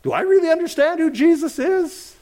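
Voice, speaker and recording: A middle-aged man preaching an expository sermon, swinging between loud emphasis and quiet asides. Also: very high voice, brisk. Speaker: pastor.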